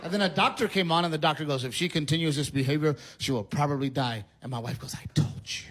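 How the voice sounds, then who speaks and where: A middle-aged man doing a stand-up comedy routine, telling stories with animated delivery and yelling his punchlines. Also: fairly high pitch, fast talker, background noise.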